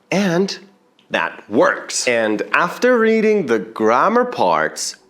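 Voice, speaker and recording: A man's voice: fairly low pitch, a bit bright. A young man whose first language is Persian, an English teacher earnestly telling students how he learned the language. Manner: earnest, explanatory, addresses viewers directly.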